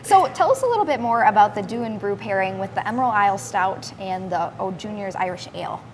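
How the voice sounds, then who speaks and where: A woman co-hosting a talk show, bubbly and quick with reactions. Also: medium pitch, lively intonation, slight background noise. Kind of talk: casual radio interview.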